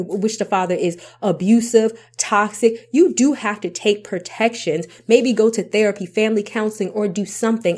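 A woman in a casual advice vlog, speaking at a middle pitch. She hammers her points home with repetition and keeps asking rhetorical questions. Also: darkish tone. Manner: emphatic, repeats points, asks rhetorical questions. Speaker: parenting vlogger and author. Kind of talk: casual advice talk to camera.

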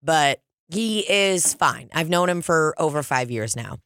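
A woman co-hosting a podcast, telling a story in casual chat, animated and swearing freely. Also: measured pace, smooth, no echo, clean studio sound. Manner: animated, swears freely, mimics people in high excited voices. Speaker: podcast co-host.

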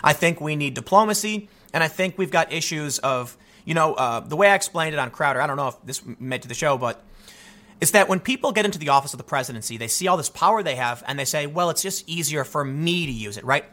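A man giving opinionated video commentary, animated and rambling, with frequent stammered restarts. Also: on the high side, fast talker. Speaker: political commentator.

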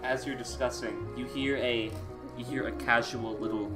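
A man's voice: medium pitch, steady tone, normal speed, over music. A man narrating a tabletop game as game master, descriptive and playful.

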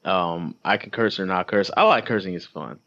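A man's voice: low voice, moderate pace, fairly bright tone. A man co-hosting a casual podcast, joking and slipping into mock voices for laughs. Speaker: podcast co-host. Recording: slightly dull lo-fi sound.

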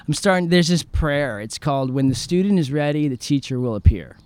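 A man from San Diego, a guest in an outdoor interview, telling his story in an animated, profane way and acting out the lines of the people in it. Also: a little high, fairly quick, noisy background. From San Diego, California. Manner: animated, profane, acts out quoted dialogue.

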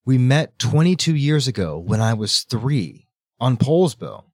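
A man's voice: mid-range voice, very animated, unhurried, no room sound, clean studio sound. A man doing an earnest young female soldier.

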